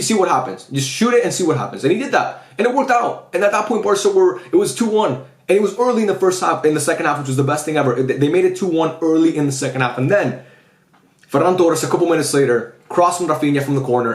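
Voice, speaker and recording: A man talks quickly in a somewhat high voice, reacting casually to a football match. He is excitable and chatty and drops plenty of slang fillers. The room around him is echoey. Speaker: football fan channel host.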